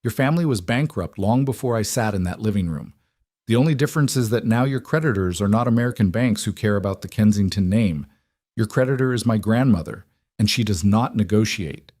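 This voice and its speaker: A man reading the lines of a cold, composed young royal woman in a flat, measured tone. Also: fairly low pitch, no echo, clean studio sound.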